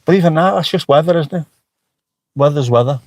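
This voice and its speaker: A man's voice: a little high, a little fast, a little mellow. A middle-aged man chatting casually on a livestream, joking and swearing freely as he answers the chat. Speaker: livestream host. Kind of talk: casual live-stream chat.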